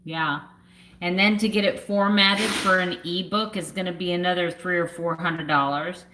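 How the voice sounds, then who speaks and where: A woman in her fifties chatting casually on a livestream, emotional and close to tears, talking haltingly with many fillers and trailing thoughts. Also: on the low side, fairly even intonation, background noise. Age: 50s. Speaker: vlogger.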